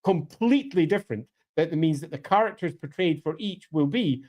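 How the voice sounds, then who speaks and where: Emphatic man in relaxed discussion. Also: brisk. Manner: emphatic, with lively swings in pitch. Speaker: co-host of a lore podcast. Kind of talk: casual discussion.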